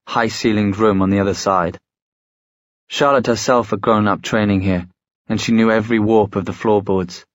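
A man narrating a story in a measured, storytelling way. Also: lowish voice, no room sound. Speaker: audiobook narrator. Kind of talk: scripted narration.

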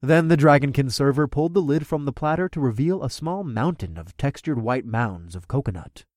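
A man reads a first-person fantasy audiobook with an animated, swooping delivery. His voice sits at an ordinary pitch for a man. It is recorded close on a studio mic in a dry, dead space. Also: brisk, dry recording. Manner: expressive, lively reading. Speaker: narrator.

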